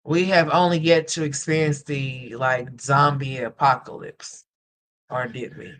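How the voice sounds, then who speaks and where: A livestream commentary host chatting casually with viewers and reading their comments. Swings between blunt, profane scolding and soft, tender well-wishes. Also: mid-range voice, steady tone, unhurried.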